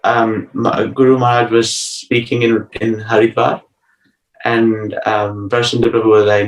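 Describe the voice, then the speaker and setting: A man telling a personal spiritual story as an interview guest, earnest and hesitant, with many pauses and restarts. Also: fairly low pitch, little pitch movement. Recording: roomy sound from a distant mic.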